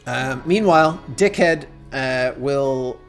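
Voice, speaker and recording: A man's voice: mid-range voice, slow pace, soft background music. A man narrating a tabletop horror game as game master, rambling with many fillers and restarts and laughing often.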